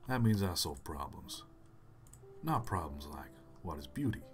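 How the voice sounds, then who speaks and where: A brash, drawling American engineer full of bravado, put on by a British man. The voice sits low and swoops widely. Faint music plays behind. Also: very animated, a little slow. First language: British English speaker. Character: gruff American male engineer.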